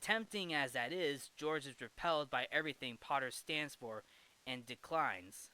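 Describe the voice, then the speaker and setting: A man's voice: mid-range voice, lively intonation, normal speed, bright, forceful tone. A man hosting a movie review show, giving a casual, rambling film recap with jokey asides and frequent self-corrections.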